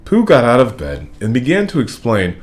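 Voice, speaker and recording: A man reading a children's storybook aloud in an expressive, playful way. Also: medium pitch, moderate pace. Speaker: storybook reader.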